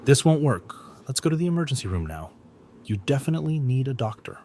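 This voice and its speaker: A man voicing a fierce, suspicious older sister in a storybook recap, loud and accusing. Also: mid-range voice, sing-song, fast talker, a little hiss or hum, pitched above the performer's own voice. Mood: worried. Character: fierce protective older sister, young woman.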